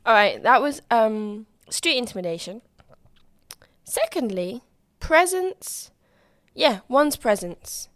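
A young woman hosting her own podcast, chatting in a bubbly, open way with a loud, high-pitched voice that climbs when she gets excited. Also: slow, long pauses, no echo, studio quality. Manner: bubbly and chatty, with frequent restarts and acted-out quotes. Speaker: podcast host. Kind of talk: casual solo podcast chat.

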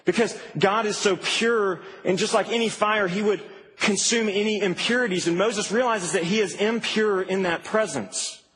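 A man preaching a sermon in a church, conversational and animated, with asides to the congregation. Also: high voice, normal speed, hardly any pauses. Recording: reverberant hall, faint background hum.

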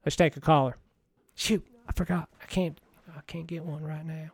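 A man in a rambling comedic monologue as a washed-up TV money-show host, folksy, meandering and deadpan. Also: fairly high pitch, moderate pace, creaky, breathy edge, no echo.

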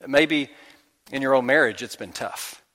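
A man's voice: medium pitch, measured pace, bright, forceful tone. A man preaching a sermon in a conversational, storytelling way, acting out the doubts of his listeners. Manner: conversational storytelling with acted-out inner voices. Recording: long hall reverb.

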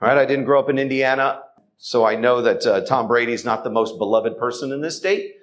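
A man's voice: mid-range voice, brisk. Earnest man exhorting a men's gathering. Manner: earnest, exhorting, addresses the men directly. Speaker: speaker at a Catholic men's event. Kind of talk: testimony talk to a men's gathering. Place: church hall.

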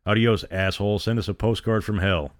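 A man's voice: on the low side, fairly even intonation, a little fast, no echo, clean studio sound, lightly acted. A man voicing a cruel, spiteful mob goon who sneers at his victims. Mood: sneering.

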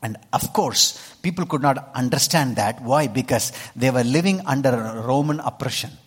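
A man's voice: mid-range voice, moderate pace, breathy edge. A man with an Indian accent preaching a sermon to a congregation, speaking emphatically and often checking in with his listeners. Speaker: pastor. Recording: long hall reverb.

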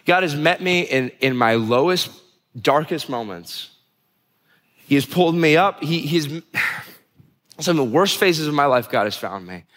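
A man's voice: mid-range voice, fairly bright tone. A young man preaching a sermon, earnest and confessional, often restarting his sentences. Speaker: pastor. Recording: long hall reverb.

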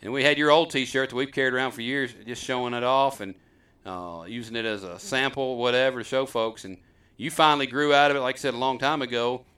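Bright-voiced man telling stories. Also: mid-range voice, fairly even intonation, fairly quick, smooth, far from the mic. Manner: rambling, self-deprecating, folksy. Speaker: host. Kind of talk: casual storytelling chat.

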